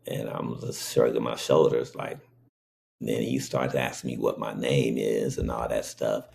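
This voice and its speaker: A man's voice: extremely low pitch, flat delivery, unhurried, vocal fry, a little mellow. A man casually telling a personal story in a rambling way, often checking in with the listener. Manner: rambling, frequently checks in with "okay?".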